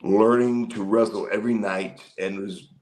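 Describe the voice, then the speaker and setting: A man's voice: on the low side, steady tone, normal speed, a little mellow, poor audio. Man telling long backstage stories. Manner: rambling, with many fillers and restarts; acts out quoted people in a livelier voice. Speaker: guest, former pro wrestler. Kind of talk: casual storytelling in an interview.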